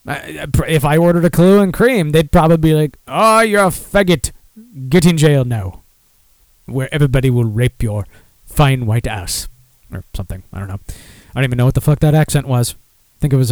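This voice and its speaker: A man's voice: medium pitch, a little mellow, dry recording. A young adult man hosting a casual beer podcast, rambling and swearing, with lots of fillers as he reads news stories aloud. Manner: rambling, profane, self-deprecating, many fillers. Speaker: podcast host.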